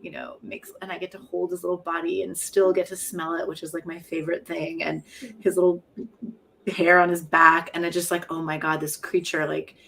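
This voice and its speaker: A woman's voice: on the low side, little pitch movement, brisk, gravelly, fairly bright tone, slight background noise. A middle-aged woman, a poet and professor, talking frankly and reflectively in an interview, often laughing at herself. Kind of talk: candid conversational interview.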